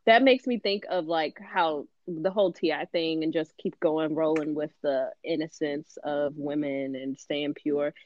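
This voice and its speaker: A woman's voice: low voice, steady tone, measured pace, few pauses. A woman hosting a podcast, talking bluntly and emphatically in casual chat, swearing freely. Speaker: podcast host. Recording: muffled dry podcast audio.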